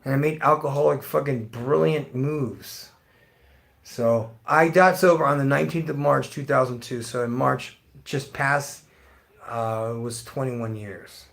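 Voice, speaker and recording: Gravelly, profane middle-aged man ranting. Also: medium pitch, fairly even intonation, measured pace, fairly bright tone. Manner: blunt, heavily profane, ranting. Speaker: livestream host. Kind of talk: profane rant to live chat.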